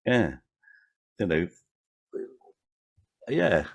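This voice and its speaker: Older man, low voice, very lively pitch, anecdotal, actor guest, interview chat. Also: extremely slow, creaky. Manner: anecdotal, animated impressions of fans.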